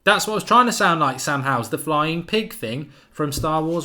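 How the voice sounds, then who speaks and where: A man's voice: a little high, animated, quick pace, few pauses, bright, forceful tone. A man hosting a live football watchalong, chatting casually and reading out viewer comments. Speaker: watchalong host.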